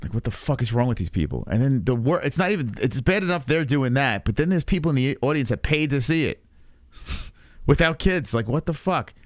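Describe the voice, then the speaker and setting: A man's voice: medium pitch, big pitch swings, brisk, no room sound, studio quality. A man in his thirties hosting a casual reaction stream, rambling with profane sarcasm. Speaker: podcast host.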